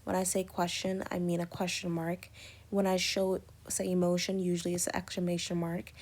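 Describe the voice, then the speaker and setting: A woman gives a recorded English lecture on punctuation, working through it step by step with many spoken examples and fillers. Her voice is fairly low and a little mellow, and she speaks briskly in a completely flat delivery.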